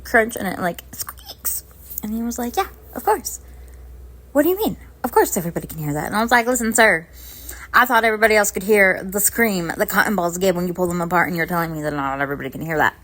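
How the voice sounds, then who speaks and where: A young adult woman telling a story to camera in a casual vlog, animated and acting out the dialogue. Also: fairly low pitch. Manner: animated, acts out both sides of dialogue. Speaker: vlogger.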